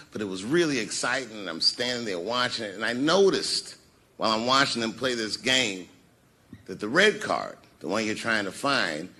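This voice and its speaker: A man telling a profane stand-up story, swinging between loud outbursts and hushed mumbles. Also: mid-range voice. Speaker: stand-up comedian.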